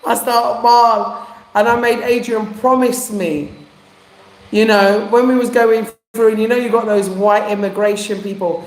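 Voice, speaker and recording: A woman's voice: medium pitch, fairly even intonation, moderate pace. A woman from England telling a heartfelt personal story in casual chat, using street slang. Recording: echoey room.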